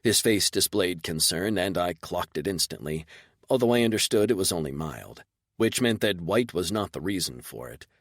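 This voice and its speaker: A man narrating a first-person sci-fi audiobook in a measured, terse manner. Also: deep voice, lively intonation, no echo, clean studio sound.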